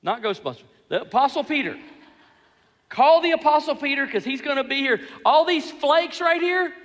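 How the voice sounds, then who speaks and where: A loud, bragging apostle, pushy and overeager, with a very high, bright voice as a preacher acts him out. The boasting rings through a big reverberant hall. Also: male voice, sing-song, fairly quick, heavily acted. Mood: boastful.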